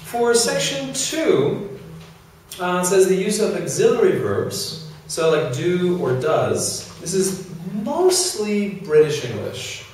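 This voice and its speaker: A man's voice: high-pitched, sing-song, slow, a little mellow, a little hiss or hum. A man teaching an English grammar lesson to a class, explaining with many examples and fillers. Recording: echoey classroom from far off.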